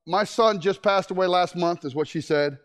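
A man preaching a sermon, telling stories in an animated way with frequent restarts. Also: high-pitched, normal speed, smooth.

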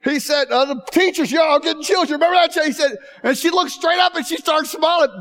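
A man preaching in a chapel, joking and then growing emotional and loud. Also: extremely high pitch, expressive, fast talker. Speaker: chapel speaker. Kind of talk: humorous sermon.

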